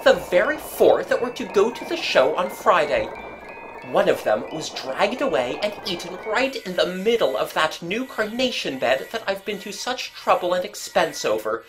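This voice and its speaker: A woman voicing an agitated middle-aged country gentleman who fumes and exclaims indignantly. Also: on the low side, sing-song, moderate pace, faint music behind, pitched above the performer's own voice. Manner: indignant, fuming.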